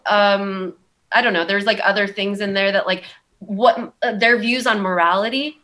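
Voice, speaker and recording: A woman's voice: mid-range voice, fairly even intonation, moderate pace, a bit bright. A young woman with a Valley girl accent, telling her story in a rambling, candid way, full of "like" and "um". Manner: rambling, heavy use of "like" and "um". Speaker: guest.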